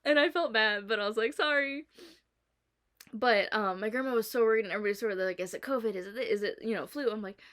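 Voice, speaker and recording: A young woman vlogging at home, chatting and telling a story with animated quoting and laughter. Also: mid-range voice, rapid-fire, few pauses. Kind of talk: casual chat. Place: indoors at home.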